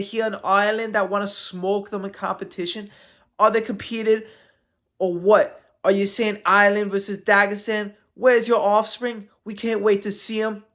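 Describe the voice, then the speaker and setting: A man's voice: sits high, fairly bright tone, pitched above the performer's own voice. A man doing a brash taunting fighter. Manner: exaggerated, laughing through the lines. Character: brash mocking male fighter taunting rivals. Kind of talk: impression while reading a post aloud.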